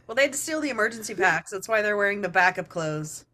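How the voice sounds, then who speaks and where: A woman's voice: mid-range voice, animated, fast talker, pushed and bright. A woman talking through the making of an episode on a commentary track, explaining the production. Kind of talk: casual commentary chat.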